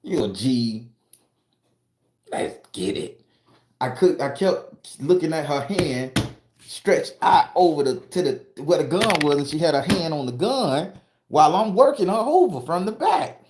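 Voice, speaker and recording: A man from southern Florida telling a wild personal story in a casual, profane, rambling way, climbing higher and louder as he gets worked up. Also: a little hiss or hum. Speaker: storytelling channel host. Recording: roomy echo.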